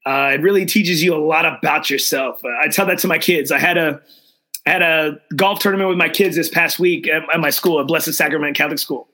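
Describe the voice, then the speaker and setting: A man's voice: a little high, fairly even intonation, brisk, pushed and bright. A middle-aged man hosting a golf show, talking with emotion and enthusiasm and often repeating himself. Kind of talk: casual chat, live show sign-off.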